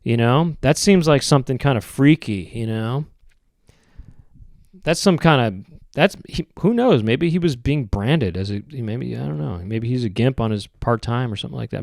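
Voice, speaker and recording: A man hosting a podcast, rambling through a comedic monologue in a halting, hesitant way with many restarts and drawn-out phrases. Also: medium pitch, creaky, no echo, studio quality. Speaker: podcast host.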